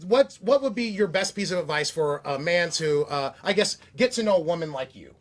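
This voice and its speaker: A man's voice: high-pitched, expressive, fairly quick. A man hosting an interview, upbeat and salesy as he plugs auctions and asks questions. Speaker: interview host.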